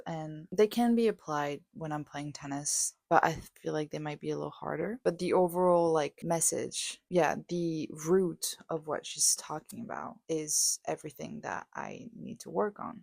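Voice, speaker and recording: A woman's voice: deep voice, creaky, a little mellow, no room sound. A young woman vlogging on a walk, talking candidly and rambling with lots of fillers and swearing. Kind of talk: casual vlog monologue. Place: outdoors on a walk.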